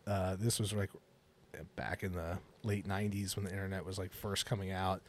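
A man's voice: sits low, level tone, moderate pace, a little hiss or hum. A man in his forties co-hosting a podcast, telling rambling stories in casual chat and laughing often. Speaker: podcast co-host.

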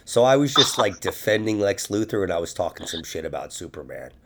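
A man's voice: deep voice, sing-song, brisk. A man hosting a casual podcast, joking crudely and laughing often. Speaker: podcast host. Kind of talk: casual comedic banter.

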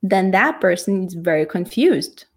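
A woman teaching how to communicate, in a reflective, halting way that thinks aloud. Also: medium pitch, very animated, breathy edge. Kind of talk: casual teaching talk.

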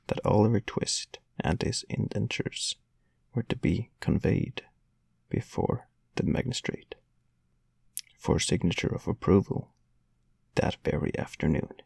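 A man with a gravelly, husky voice reading a classic novel aloud in a measured storytelling manner. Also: low voice, expressive, darkish tone, no echo. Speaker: audiobook narrator. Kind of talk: scripted narration of a classic novel.

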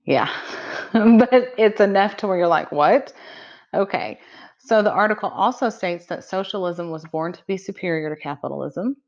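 This is a middle-aged woman's voice, medium in pitch and normal in speed, as she co-hosts a podcast. She chats casually and laughs often, captured on dull, lo-fi audio.

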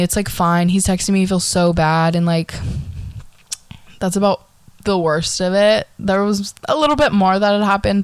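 A young woman co-hosting a podcast, telling a dating story in casual chat, animated and laughing, swearing freely. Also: mid-range voice, clear, resonant tone, dry recording. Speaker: podcast co-host.

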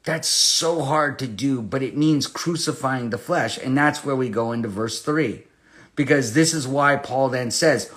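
A man teaching verse by verse through a Bible passage, impassioned and conversational, rising to loud emphasis and dropping to hushed storytelling. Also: medium pitch, unhurried.

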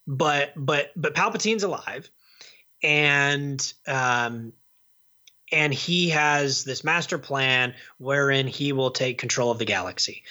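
A man's voice: mid-range voice, sharp tone. A man co-hosting a movie podcast, chatting casually and rambling, with many restarts and repeated words. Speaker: podcast co-host reviewing movies. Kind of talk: casual chat.

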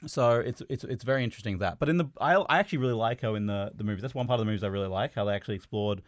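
A man's voice: fairly low pitch, rapid-fire, dry recording, clean studio sound. Rambling, casual male podcast host. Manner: rambling, with many "um"s and restarts. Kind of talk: casual chat.

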